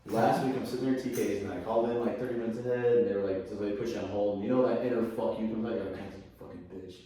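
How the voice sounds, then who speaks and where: A man's voice: lowish voice, very fast. A man chatting as a podcast guest, telling profane stories and acting out the people in them. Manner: animated, swears freely, acts out the people in his stories. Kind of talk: casual profane storytelling. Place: gym. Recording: echoey gym, far from the mic.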